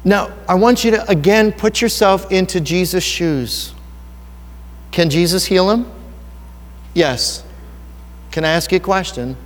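A man's voice: high voice, a little slow, pauses often. A man preaching a sermon in an earnest, personal, conversational way, asking his listeners rhetorical questions. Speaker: pastor. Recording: long hall reverb.

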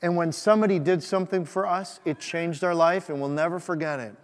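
Man preaching a sermon, slightly higher voice, emphatic with hushed drops, long church reverb. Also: a little fast. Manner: emphatic preaching, swinging between loud and soft. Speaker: pastor. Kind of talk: Christmas sermon with a read-aloud story.

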